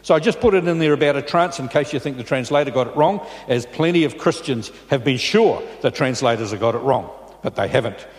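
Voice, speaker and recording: A man's voice: medium pitch, animated, fairly quick. A man preaching a sermon in a church, talking in a conversational way and often checking in with his listeners. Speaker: pastor. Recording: long reverb in a large church.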